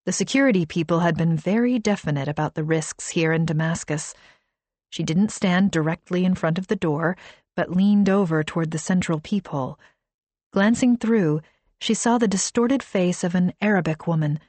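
A woman narrating a novel in a measured, soft-spoken reading voice, lightly voicing the dialogue. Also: fairly low pitch, no echo. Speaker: audiobook narrator. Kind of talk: scripted narration.

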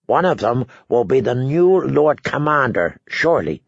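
A man voicing an anxious, bookish young male steward who muses to himself in a low, inward voice. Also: big pitch swings, unhurried, gravelly, husky, no room sound, heavily acted. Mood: brooding. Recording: dry, slightly dull recording.

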